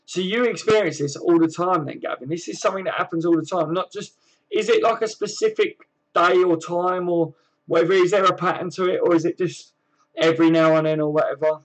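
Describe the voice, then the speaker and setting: Chatty bloke with a high voice. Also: male voice, brisk, poor audio. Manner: chatty and laid-back, with slang and fillers. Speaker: host of a fan live stream. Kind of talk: casual live-stream chat reading viewer comments.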